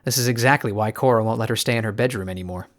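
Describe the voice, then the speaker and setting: Man voicing a dry, calm mother. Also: lowish voice, rapid-fire, close to an everyday voice. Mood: soothing. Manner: dry, soothing.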